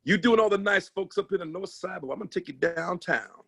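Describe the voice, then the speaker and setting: A man's voice: high-pitched, a little fast, gravelly, a bit bright, breathy edge, heavily acted. A man impersonating a brash, fiery, streetwise male comedian who swears and talks with swagger. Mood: taunting. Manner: profane, swaggering stage talk.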